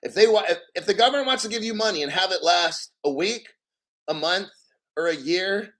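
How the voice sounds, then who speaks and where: Brief: male live-stream host, somewhat high voice, excitable and foul-mouthed, slow when reading aloud, quick when riffing. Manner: profane, excitable, mock tearful; reads article aloud slowly, then riffs. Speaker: crypto show host. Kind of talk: live-stream commentary with callers.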